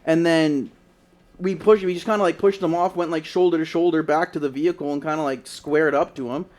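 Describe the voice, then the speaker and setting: A young man with a somewhat high voice tells a long story on a casual podcast. He rambles, stacking "like" after "like" and swearing freely as he goes. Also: fairly even intonation, fairly quick, darkish tone. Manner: rambling, lots of "like" and profanity. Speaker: podcast co-host.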